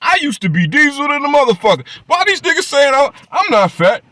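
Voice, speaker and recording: A man voicing a defensive heavyset grown man who whines indignantly in a shrill, high voice. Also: very animated, fairly quick, bright, forceful tone, no echo, full character voice. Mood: indignant whining.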